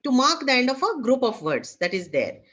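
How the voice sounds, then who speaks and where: A woman teaching an online class with an Indian English accent, talking haltingly with many fillers. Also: high-pitched, sing-song, a bit bright. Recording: dull lo-fi online class audio.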